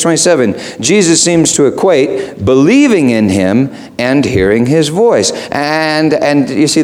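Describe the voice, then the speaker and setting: A middle-aged man preaching a sermon, playful and animated, dropping to low asides and rising high for emphasis. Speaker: pastor.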